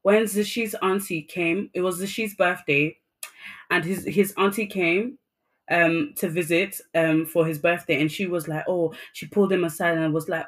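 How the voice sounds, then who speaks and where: A woman co-hosting a relaxed podcast, recapping a drama she loved. She talks effusively and animatedly, piling up fillers as she tells the story. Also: lowish voice, normal speed. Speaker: podcast co-host. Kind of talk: casual chat reviewing a drama.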